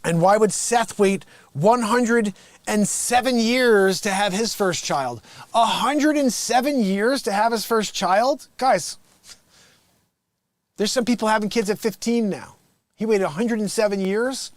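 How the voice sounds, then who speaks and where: A man's voice: sits high, unhurried, no echo. A man hosting a livestream, chatting casually and jokingly about a Bible reading, laughing often. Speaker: livestream host.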